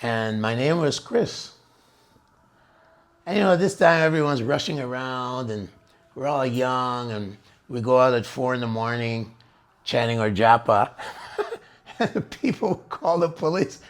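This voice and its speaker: An older man with a gravelly, creaky voice at an ordinary pitch. He tells a long story in a loose, rambling way, breaks into laughter, and acts out other people's words. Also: a little slow, long pauses. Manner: rambling, laughing often, acting out quotes. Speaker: devotional speaker recounting memories. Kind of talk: casual storytelling talk.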